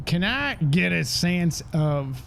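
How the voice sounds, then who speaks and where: A man's voice: on the high side, sing-song, slow, gravelly, a bit bright, a little hiss or hum. A man playing a tabletop horror game, asking the game master questions in a hesitant way. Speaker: player. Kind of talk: casual tabletop play.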